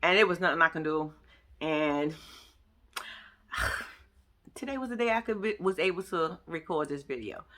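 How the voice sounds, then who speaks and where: Bright-voiced woman in a profane vlog rant. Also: fairly low pitch, unhurried, long pauses. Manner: animated, profane, trash-talking. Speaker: vlogger recapping a reality show. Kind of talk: casual commentary vlog.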